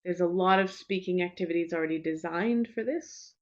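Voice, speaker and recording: Woman giving a relaxed webinar talk. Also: on the low side, a little fast. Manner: relaxed, reassuring, with frequent fillers and restarts. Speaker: teacher trainer giving a webinar. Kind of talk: webinar presentation. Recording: slightly dull lo-fi webinar audio.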